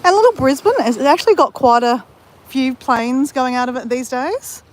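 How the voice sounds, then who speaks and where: A woman's voice: high voice, moderate pace. A woman chatting to viewers on a phone livestream while walking outdoors by the sea, talking to them by name and laughing easily. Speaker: livestream vlogger. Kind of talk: casual chat on a walking livestream. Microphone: phone held while walking.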